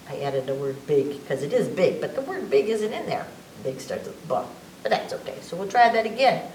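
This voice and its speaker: A woman reading an alphabet book aloud at children's story time, teacherly and lively, drawing out each letter sound. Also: medium pitch, unhurried. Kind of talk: slow, sing-song children's story time. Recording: echoey room, mic at a distance, faint background hum.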